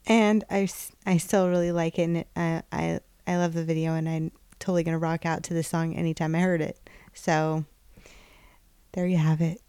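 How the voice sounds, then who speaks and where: A woman co-hosting a podcast, soft-spoken and playful in casual chat. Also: low voice, flat delivery, moderate pace, smooth, dry recording, clean studio sound. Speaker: podcast co-host.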